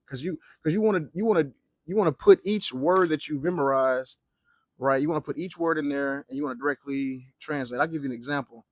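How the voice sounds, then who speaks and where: Speaking to camera from Mexico, this young vlogger and Spanish teacher gives laid-back, slangy tips on learning the language, packed with fillers and curse words. His voice is on the high side, a little fast, with no room sound.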